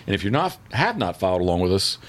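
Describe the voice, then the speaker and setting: A man hosts a podcast chat at a rapid clip. His voice sits on the low side, and he rambles on, talking over the others. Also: sing-song, a little hiss or hum. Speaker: podcast host. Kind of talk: casual chat.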